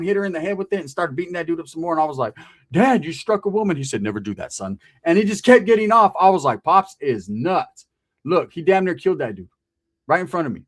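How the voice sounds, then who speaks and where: A man's voice: fairly high pitch, expressive, quick pace. A man telling a profane comic story about his past, acting out the people in it.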